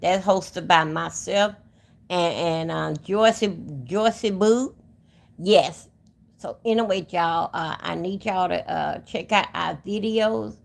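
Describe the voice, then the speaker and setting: Her voice is low, slow and gravelly as she runs a laid-back livestream over a phone microphone. She rambles and talks directly to the people in chat.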